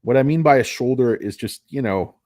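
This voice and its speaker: A man's voice: medium pitch, a little fast, a little mellow, no echo, studio quality. A man giving casual, rambling stock commentary, jokey and self-deprecating. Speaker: stock market vlogger.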